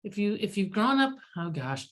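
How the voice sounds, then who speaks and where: A woman hosting a casual group chat, telling stories in an animated, self-deprecating way. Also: medium pitch, moderate pace.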